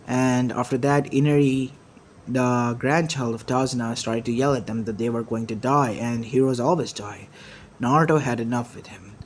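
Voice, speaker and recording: A man narrating an amateur fan-made story in a halting way, often restarting his phrases. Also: medium pitch, fairly even intonation, a little hiss or hum.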